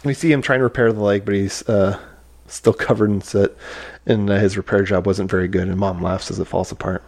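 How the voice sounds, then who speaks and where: A man's voice: fairly low pitch, steady tone, fairly quick, a little mellow. A man co-hosting a podcast, chatting casually about a film with lots of fillers. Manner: rambling, with many fillers and acted-out quotes. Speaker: podcast co-host. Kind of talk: casual movie review chat.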